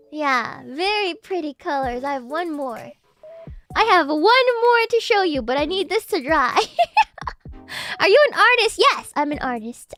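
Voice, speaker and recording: A woman streamer chatting casually with her viewers, giggly and animated, with sudden excited outbursts. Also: sits high, measured pace, faint music behind. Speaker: VTuber streamer. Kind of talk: casual livestream chat with viewers.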